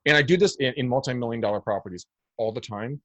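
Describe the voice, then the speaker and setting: Blunt husky-voiced man guest. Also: mid-range voice, fast talker, pushed and bright, no echo. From United States. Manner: blunt, emphatic, snarky, repeats words. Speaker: guest real estate agent. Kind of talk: podcast interview.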